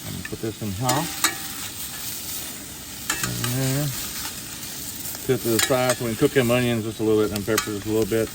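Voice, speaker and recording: Cooking at a winter campsite, a middle-aged outdoor vlogger with a Southern US accent chats folksily to a close camera, his medium-pitched voice steady, brisk, and touched with vocal fry. He leaves long pauses, and a frying pan sizzles over the outdoor ambience.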